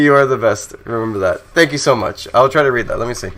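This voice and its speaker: A man's voice: medium pitch, a little fast, a bit bright. A man streaming his game development, chatting casually with viewers and reading their messages aloud, laughing often. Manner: laughs often, easygoing and self-mocking.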